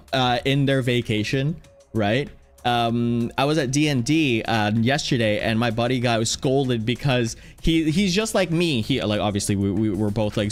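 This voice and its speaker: A man chatting casually on a livestream, rambling playfully, reading chat aloud and now and then breaking into loud, excited shouts. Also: medium pitch. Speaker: streamer. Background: faint background music.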